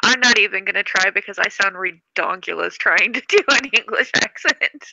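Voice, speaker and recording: Giggly woman with a very bright voice. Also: mid-range voice, normal speed, vocal fry, no room sound, poor audio. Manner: giggly, animated. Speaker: co-host of a live stream. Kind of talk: casual chat and storytelling. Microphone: computer mic on a video call.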